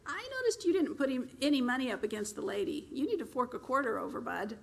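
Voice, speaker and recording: A woman's voice: high voice, big pitch swings, fast, gravelly, full character voice. A woman doing Jack, a drawling carnival barker. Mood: genial. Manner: pleasant, conversational drawl. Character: easygoing bearded male carnival barker, genial but menacing.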